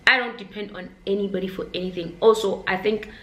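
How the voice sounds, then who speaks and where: A woman's voice: mid-range voice, fairly even intonation, fast, a bit bright. A young woman chatting candidly to her viewers in a casual vlog, talking straight to them. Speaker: vlogger. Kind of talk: casual chat to camera. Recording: echoey room with faint noise.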